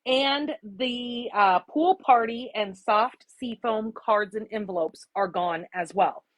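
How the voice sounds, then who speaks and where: A woman's voice: on the high side, slow, dry recording, rough recording. Chatty, emotional woman on a dry close mic. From Arizona, US. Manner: chatty, emotional, greets viewers by name. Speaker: craft livestream host. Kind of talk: casual livestream chat. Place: home craft room.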